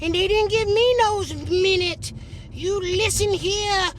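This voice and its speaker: A man voicing a stern elderly woman ghost who scolds in a slow, drawling, preachy way. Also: very high voice, fairly even intonation, slight background noise, voice pushed up. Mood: scolding.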